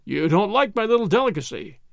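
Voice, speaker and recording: A man's voice: high-pitched, big pitch swings, a little fast, gravelly, a bit bright, no room sound, studio quality, full character voice. A man doing an insistent old professor. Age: older. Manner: urgent, insistent. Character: old gray-browed professor, insistent host.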